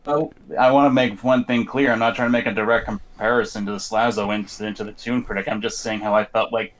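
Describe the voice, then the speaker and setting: Lower-voiced man pressing his argument. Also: level tone, fast. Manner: insistent, argues through hypotheticals. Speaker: debate guest, video maker. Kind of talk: casual debate over a voice call.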